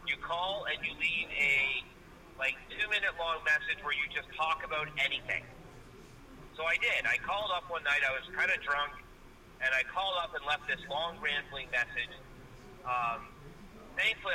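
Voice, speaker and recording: A man's voice: a little high, pushed and bright, a little hiss or hum, rough recording. A man co-hosting a podcast, telling a long rambling story and swearing constantly in casual chat. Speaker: podcast co-host.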